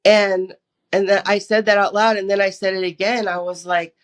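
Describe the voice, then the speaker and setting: A young American woman, a guest on a podcast, shares a personal testimony and acts out the things she once said as she tells it. Her voice is mid-range and level, at a moderate pace.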